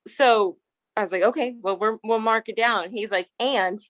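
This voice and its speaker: A woman's voice: fairly high pitch, normal speed, fairly bright tone, dry recording. A woman who trains and breeds horses, telling a long anecdote in a casual interview, rambling with restarts and laughing often.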